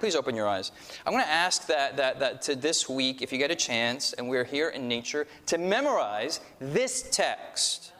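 Pastor preaching in a reverberant hall. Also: male voice, mid-range voice, big pitch swings, moderate pace, pushed and bright. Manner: leads the congregation in call-and-response; self-deprecating humor. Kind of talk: sermon.

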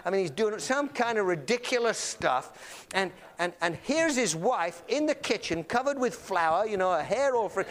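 Guy giving a chatty lecture, high voice, bouncy pitch, keeps repeating himself. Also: moderate pace. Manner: animated, acts out little dialogues, repeats words. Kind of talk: anecdotal classroom lecture. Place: lecture room filmed on camera.

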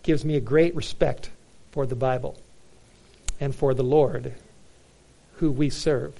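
A man's voice: medium pitch, fairly even intonation, a little slow, gravelly, dark tone. A man preaching a sermon in an earnest, emphatic way, with frequent restarts and fillers. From United States. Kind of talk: sermon on Bible prophecy.

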